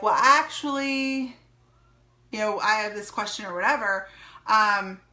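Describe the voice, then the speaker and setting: A woman's voice: a little high, bright, forceful tone. A woman giving an upbeat recorded training talk to her sales team, repeating key phrases as she coaches.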